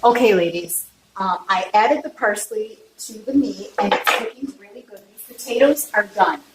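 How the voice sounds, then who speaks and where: A woman's voice: medium pitch, expressive, normal speed. A woman giving a casual cooking demonstration in her home kitchen, chatty and openly emotional, often checking in with viewers. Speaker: home cook. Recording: echoey kitchen, distant mic, faint noise.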